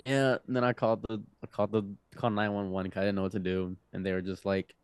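A young man telling a wild personal story on a podcast. He is animated and laughs often, dropping low and then jumping up loud. The sound is dry and close. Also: fast, few pauses, clear, resonant tone, no echo. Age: young adult. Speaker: podcast guest. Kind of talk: casual storytelling.

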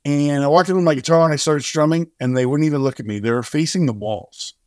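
A man's voice: fairly high pitch, quick pace, dry recording, clean studio sound. A middle-aged man, a singer-songwriter and charity co-founder, telling a long story in an interview and acting out the dialogue as he goes. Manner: animated storyteller who acts out dialogue.

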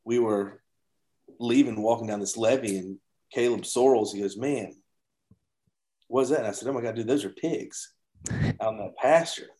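A man's voice: fairly low pitch, moderate pace, warm tone. A man chatting as a podcast guest, a rambling storyteller who restarts his sentences often. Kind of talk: casual chat.

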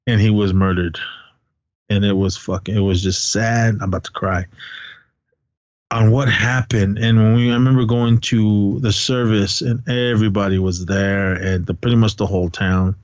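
A middle-aged man from California, chatting on a podcast, telling stories in a profane, animated rant. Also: lowish voice, normal speed, no room sound. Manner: profane, ranting, animated storytelling. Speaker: podcast co-host. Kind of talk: casual podcast chat. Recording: dull, dry podcast recording.

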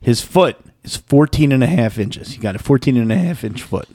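A man hosting a casual podcast, quickly reading quiz facts and teasing his co-hosts. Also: mid-range voice, lively intonation, dark tone, no echo, studio quality. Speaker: podcast host running a quiz segment.

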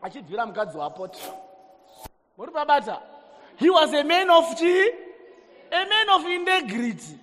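A man with a Zimbabwean accent preaching a sermon, energetic and calling out to the congregation. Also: very high voice, normal speed, long pauses. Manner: energetic, calls on the congregation, switches between languages. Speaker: pastor. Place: church hall. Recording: echoey church hall reverb.

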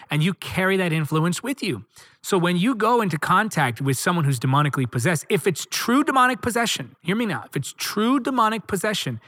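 A male preacher delivers a sermon with a lively, swooping pitch that rises high on key words, pressing his points through rhythmic repetition. He reads scripture aloud between points. The sound is dry and close, with no room around it. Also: dry recording.

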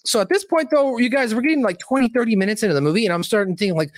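A man's voice: extremely high pitch, expressive, racing, few pauses, no echo. A young man reviewing a movie on a casual livestream, rambling and swearing, with many fillers.

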